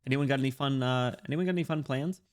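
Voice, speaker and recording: A man's voice: medium pitch, fast, a little mellow. A young man chatting casually with his chat while streaming a game, laughing often and reading messages aloud.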